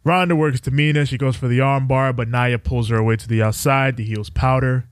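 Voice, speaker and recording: A young man co-hosting a podcast, recounting events in a casual, running recap and slipping into loose quotes. His voice sits at a middle pitch. The recording is dry and close. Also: steady tone, a little fast, clean tone, no room sound. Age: young adult. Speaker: podcast co-host.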